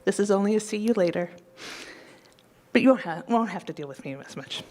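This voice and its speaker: Woman speaking at a council meeting, heartfelt and close to tears, warm public tribute. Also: medium pitch, animated. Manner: tearful, heartfelt, slowing down. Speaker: public commenter. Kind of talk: emotional tribute speech. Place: council chamber.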